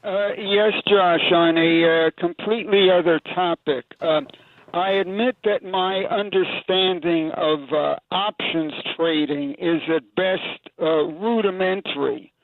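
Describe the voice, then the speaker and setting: A man calling in to a radio show, asking a question with hesitant pauses. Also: high-pitched, no echo. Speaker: caller. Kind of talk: call-in question. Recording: tinny phone line.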